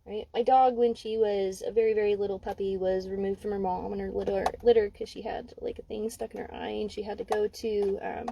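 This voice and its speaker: A woman's voice: mid-range voice, flat delivery, brisk, vocal fry, hardly any pauses, noisy background. A young adult woman giving a casual spoken card reading, candid and emphatic, swearing freely. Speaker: intuitive card reader. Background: dog barking.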